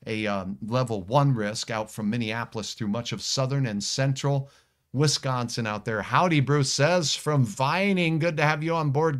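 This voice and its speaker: A middle-aged man, a meteorologist, hosting a live weather stream in a folksy, jokey way, reading viewer comments aloud. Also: medium pitch.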